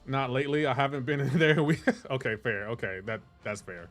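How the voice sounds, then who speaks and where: A man's voice: medium pitch, brisk, fairly bright tone, faint music behind. A man streaming a game live and chatting with his viewers, playful and teasing, with mock-offended banter. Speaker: livestream gamer. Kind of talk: casual chat with live chat viewers.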